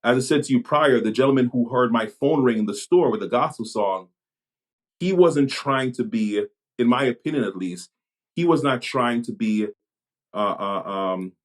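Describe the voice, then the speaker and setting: A Jamaica-born man, a pastor and police chaplain, talking things through in a podcast conversation, pausing and restarting his sentences as he thinks. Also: mid-range voice. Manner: reflective, halting, many restarts.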